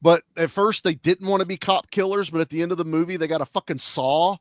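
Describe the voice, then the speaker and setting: A man in casual chat, reviewing a film with blunt, profane and animated talk. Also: on the high side, fast talker, no echo, studio quality.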